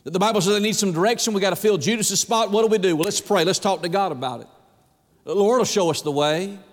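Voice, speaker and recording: High-voiced preacher in a reverberant church. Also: male voice, fast. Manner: animated preaching, dramatizing quoted prayers. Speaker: pastor. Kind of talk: sermon.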